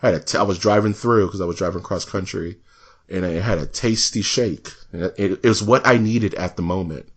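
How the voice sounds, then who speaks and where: A man with a somewhat low voice co-hosting a casual podcast. He talks in an animated way, laughs often and drops into quick mock voices when he retells a story. His tone stays easygoing and chatty. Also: slightly rough. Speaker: podcast co-host. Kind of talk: casual chat.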